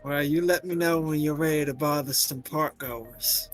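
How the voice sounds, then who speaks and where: A man's voice: on the high side, normal speed, faint music behind. Wry man reading a noir game. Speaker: streamer playing a detective game. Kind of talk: reading game dialogue aloud with banter.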